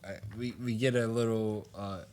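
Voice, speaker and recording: A man's voice: fairly low pitch, steady tone, moderate pace, darkish tone, a little hiss or hum. A man co-hosting a podcast, casually recapping a comic, rambling and laughing often as he acts out lines. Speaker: podcast co-host.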